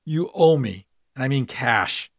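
A man's voice: mid-range voice, lively intonation, unhurried, fairly bright tone, no echo, clean studio sound. A man voicing a bossy scolding older sister. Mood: stern. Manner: insistent, clipped, talks over others. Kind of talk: read-aloud story dialogue.

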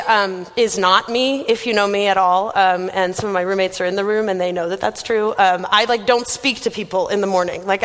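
A woman's voice: medium pitch, fairly bright tone. Chatty young woman preaching in a reverberant hall. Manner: chatty and self-deprecating, heavy use of "like". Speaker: youth minister giving a message. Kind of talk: casual conversational sermon. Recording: long reverb of a large room.

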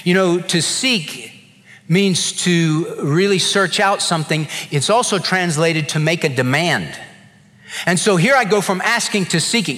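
A man preaching a sermon as a pastor, swinging from hushed to loud as he acts out voices from Bible stories. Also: high-pitched, animated, unhurried. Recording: long reverb of a large hall.

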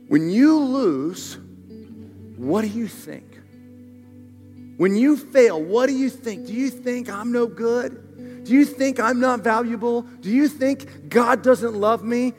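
A man with a high voice preaches a sermon. He drops to soft, low lines and then climbs to loud, driving passages. The long hall reverb carries faint instrumental music under him. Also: slow pace. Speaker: pastor.

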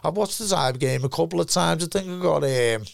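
Gravelly Scouse man telling football stories. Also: a little high, brisk, no echo, clean studio sound. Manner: swearing, rambling anecdotes full of "lad" and "me". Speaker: former footballer guest. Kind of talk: casual storytelling chat.

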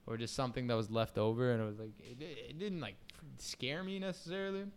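Young man, relaxed slangy talker, smooth clear tone, mid pitch. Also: brisk. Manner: laid-back, slangy storytelling. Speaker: friend in group chat. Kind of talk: casual chat.

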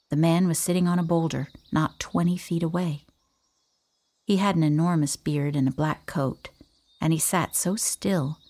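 A woman reading a first-person audiobook in a calm, even storytelling manner. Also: low-pitched, breathy edge. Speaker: audiobook narrator.

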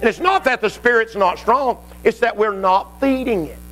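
Southern male pastor, high and bright, folksy sermon with emphatic bursts. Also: normal speed, soft background music. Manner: folksy, emphatic, swings to shouting. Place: church.

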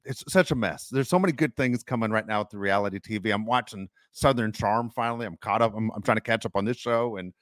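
A man's voice: lowish voice, fast talker, few pauses, a bit bright, no echo. A man co-hosting a podcast in casual chat, chatty and often stammering and repeating words. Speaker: podcast co-host.

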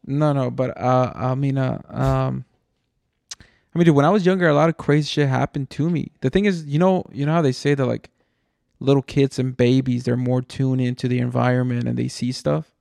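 A man's voice: medium pitch, fairly even intonation, moderate pace, vocal fry, darkish tone, dry recording, clean studio sound. A man from Mexico, a podcast host, telling a rambling story in casual chat, swearing and saying "dude" a lot. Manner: rambling and profane, says "dude" often.

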